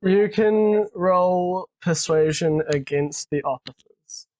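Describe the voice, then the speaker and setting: A woman's voice: fairly low pitch, a little mellow. A woman narrating as game master of a tabletop role-playing game, often laughing as she goes. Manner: laughs often while narrating, quick asides.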